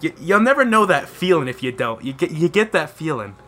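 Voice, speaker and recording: A young man telling stories in casual chat with friends, animated and laughing as he talks. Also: a little high, fairly quick. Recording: faint background noise.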